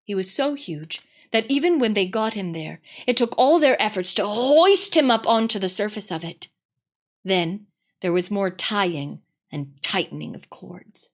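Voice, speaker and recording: Female storybook narrator, expressive and dramatic, unhurried, animated pitch. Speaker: read-aloud host. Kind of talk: storybook read-aloud narration.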